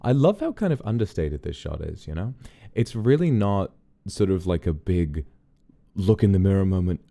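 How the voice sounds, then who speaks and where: Male streamer, deep dark voice, lively pitch, unhurried and chatty about films. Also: creaky. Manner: musing, rambling and chatty. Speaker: streamer host. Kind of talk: casual film watch-along commentary.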